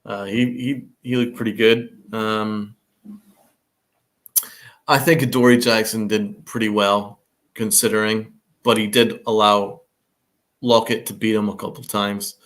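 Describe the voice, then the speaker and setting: A man's voice: fairly low pitch, flat delivery, unhurried, a bit bright. A young man co-hosting a casual sports post-game show, hesitant, with lots of ums, putting questions to his co-host. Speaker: podcast co-host.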